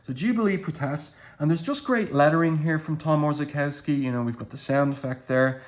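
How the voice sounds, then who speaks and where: A man's voice: on the high side, a little fast. A man giving casual commentary as he walks through comic book pages panel by panel, with appreciative remarks.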